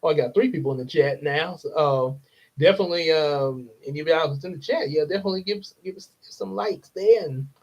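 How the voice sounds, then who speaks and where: A man's voice: on the high side, fairly quick. A young man, hosting a casual livestream, rambling with frequent chuckles and fillers. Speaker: livestream host. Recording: dull lo-fi stream audio.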